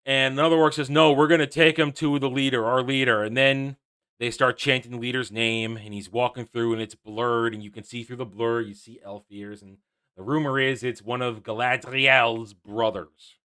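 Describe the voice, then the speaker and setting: Sarcastic, bright-voiced male reviewer. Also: mid-range voice, steady tone, moderate pace, clean tone. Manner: sarcastic, exasperated, lots of restarts. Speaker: YouTube reviewer. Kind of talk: opinionated episode review.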